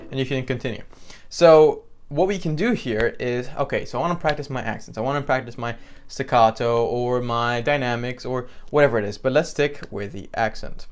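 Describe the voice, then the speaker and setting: A man teaching piano in a relaxed, conversational way with frequent fillers, counting beats aloud. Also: medium pitch, moderate pace. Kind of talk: instructional tutorial. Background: piano playing between phrases.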